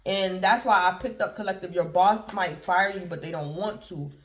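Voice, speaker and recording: A man's voice: high voice, normal speed, fairly bright tone. A man giving a casual, rambling tarot reading to his viewers, addressing them again and again as "collective". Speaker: tarot reader. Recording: roomy echo.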